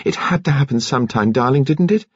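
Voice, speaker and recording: A man's voice: a little high, lively intonation, a little mellow, slightly rough, no echo, lo-fi sound, pitched above the performer's own voice. A man putting on an agitated young woman in love. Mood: pleading. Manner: breathless, pleading, fast.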